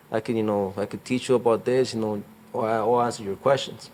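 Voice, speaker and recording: A man's voice: fairly low pitch, fairly even intonation, fast talker. A young man, a real estate agent, talking casually in an interview, rambling with lots of fillers and slang. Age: young adult.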